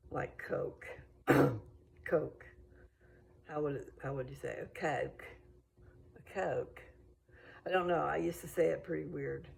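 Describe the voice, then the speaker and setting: A woman's voice: low-pitched, creaky, darkish tone, a little hiss or hum, low-quality recording. An American woman chatting casually in a meandering, think-aloud way while out walking. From United States. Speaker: vlogger. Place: outdoors on a walk.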